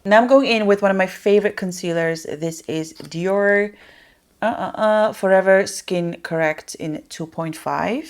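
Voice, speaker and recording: A woman chatting casually through a makeup tutorial, rambling on and dropping soft muttered asides. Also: mid-range voice, unhurried. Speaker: beauty vlogger.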